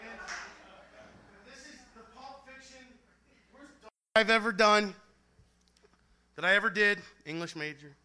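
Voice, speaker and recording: Brief: young male performance poet at a live venue, high, bright voice, rhythmic and emphatic on stage. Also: lively intonation, unhurried, pauses often. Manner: rhythmic, emphatic delivery with loose, joking stage banter. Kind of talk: live spoken-word poetry performance. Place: live venue before an audience.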